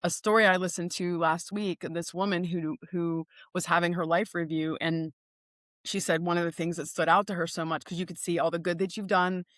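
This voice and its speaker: A woman's voice: on the low side, little pitch movement, brisk, fairly bright tone, no echo, clean studio sound. A woman guest on a podcast, telling stories earnestly in conversation with frequent restarts. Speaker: guest speaker.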